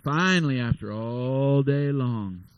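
A man preaching a sermon, telling the story with lively, halting restarts. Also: mid-range voice, smooth, no room sound, dull audio. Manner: animated storytelling with repeated restarts.

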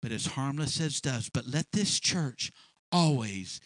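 A man preaching a sermon as pastor, animated and folksy, acting out animals as he makes his points. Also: medium pitch, measured pace, dry recording. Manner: animated preaching with sound effects.

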